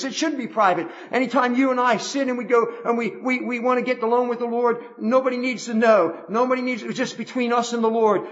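Man, preacher, fervent sermon, repeats phrases, high voice, muffled recording. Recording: dull lo-fi recording.

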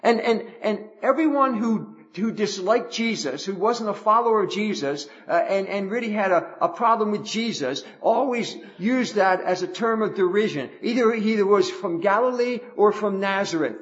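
High-voiced man preaching a sermon. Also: expressive, moderate pace, few pauses, a bit bright, highs cut off. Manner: repetitive, emphatic, many restarts.

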